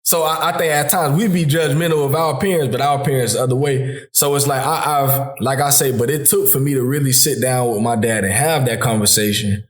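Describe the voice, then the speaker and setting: A man hosting a podcast who talks through fatherhood in a relaxed, heartfelt chat, often calling his friend "bro". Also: mid-range voice, brisk, few pauses. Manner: informal Southern US speech, calls listener "bro". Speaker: podcast host. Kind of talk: casual heartfelt conversation. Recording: echoey room.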